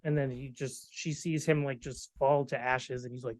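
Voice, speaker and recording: A man's voice: medium pitch, fairly even intonation, normal speed, no room sound. A man co-hosting a casual pop-culture podcast, talking in a laid-back, hesitant way with many ums and likes. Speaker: podcast co-host. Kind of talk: casual chat.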